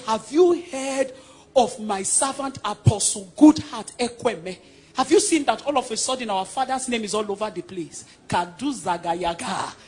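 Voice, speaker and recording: Preaching a sermon in a Nigerian accent, a man from Nigeria swings between loud proclamations and quiet passages with strong emphasis. His voice is high-pitched and husky.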